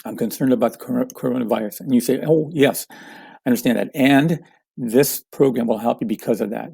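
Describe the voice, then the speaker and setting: Gravelly-voiced man coaching on word choice. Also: mid-range voice, warm tone, no echo. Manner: measured, explains with example phrases. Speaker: communication coach. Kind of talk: teaching a course lesson.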